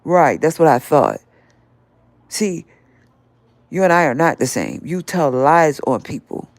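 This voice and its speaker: A woman's voice: sits low, sing-song, unhurried, no room sound. An older woman hosting a live stream, scolding and confronting someone directly in a heated rant.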